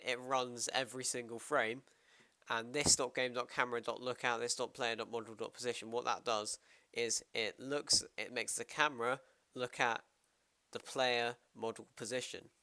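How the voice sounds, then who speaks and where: British male streamer, bright crisp voice, casual coding talk, thinks aloud. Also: medium pitch, dry recording. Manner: rambling, self-interrupting, thinking aloud. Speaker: programmer streamer.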